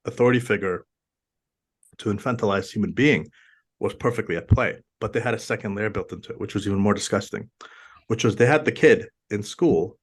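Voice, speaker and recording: A man's voice: on the low side, brisk, breathy edge. A man from Afghanistan, a podcast guest in casual conversation, telling emphatic stories and often repeating words as he builds a point.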